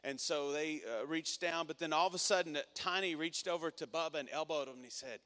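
A male pastor preaches with energy, urging the congregation to answer back. His voice is bright and forceful. It rings through a large church hall with a long reverb. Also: a little high, a little fast. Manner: energetic, calls for congregation responses. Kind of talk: sermon.

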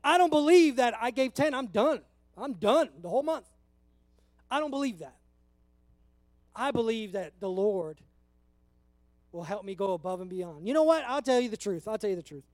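High-voiced earnest pastor preaching. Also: male voice, expressive, normal speed, long pauses, darkish tone, dry recording. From California. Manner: earnest, conversational, emotional at times. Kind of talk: sermon.

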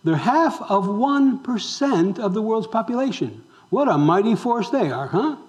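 A man preaching a sermon as pastor, asking the congregation questions and moving between loud emphasis and hushed tones. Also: sits high, sing-song, measured pace. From raised Roman Catholic. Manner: swings between loud exclamations and hushed near-whispers.

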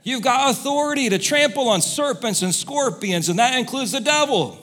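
A man preaching a sermon, telling stories and moving between quiet asides and loud exhortation. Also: very high voice, expressive, moderate pace. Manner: storytelling, swings from soft to loud exhortation. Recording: long hall reverb.

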